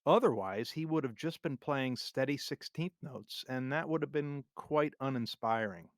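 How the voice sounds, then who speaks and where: A man teaching music theory for drummers in a scripted, measured, clearly explained lesson narration. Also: mid-range voice, no room sound, clean studio sound. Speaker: drum teacher.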